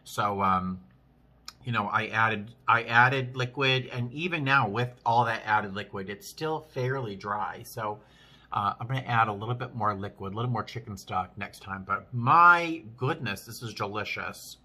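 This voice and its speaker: Man, chatty vlogger, very bright voice, talks between bites, rambling restarts. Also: lowish voice, a little slow. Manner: chatty, chewing between sentences. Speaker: vlogger, flight attendant. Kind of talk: casual vlog while eating.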